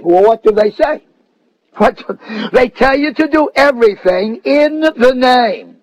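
A man preaching a sermon, emphatic, mocking the views he quotes and rising at times to shouts. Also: very high voice, lively intonation, a little slow, no echo, low-quality recording.

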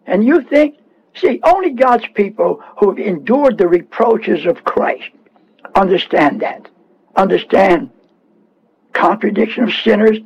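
A man preaches a radio sermon in a high, husky voice with a darkish tone, speaking expressively but without hurry. He scolds and repeats himself with fervent insistence, and the broadcast sounds dull and muffled.

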